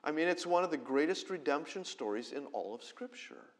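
A middle-aged man, a pastor, preaching a conversational sermon that swings between loud emphasis and quiet, close delivery. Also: a little high, expressive, fairly quick.

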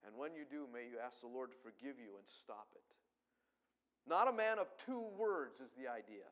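A middle-aged man from Colorado preaching a sermon as pastor, talking fast and swelling into loud emphatic bursts. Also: mid-range voice, lively intonation.

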